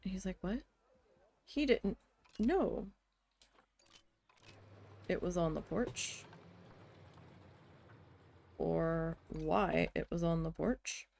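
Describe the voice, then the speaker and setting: Slow-talking woman venting while streaming. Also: fairly low pitch, expressive, creaky. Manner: chatty venting with frequent swearing; mutters quietly to herself while building. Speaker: game streamer. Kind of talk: casual storytelling while playing a building game.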